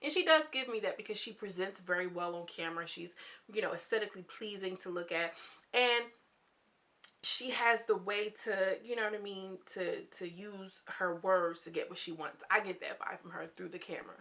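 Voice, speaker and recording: A woman's voice: moderate pace, sharp tone. A young woman casually recapping a reality show, chatty and candid, often acting out what the people said. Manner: chatty and candid, acting out quoted lines with swings in pitch.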